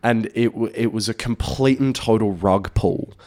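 A man with a fairly low voice talks casually as a radio co-host. He is laid-back and slangy. The recording is dry and close. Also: moderate pace, darkish tone, dry recording.

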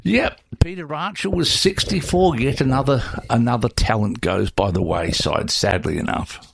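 A man's voice: medium pitch, moderate pace, vocal fry, slightly rough. A male radio host chatting casually in the studio, often rambling and tripping over his words.

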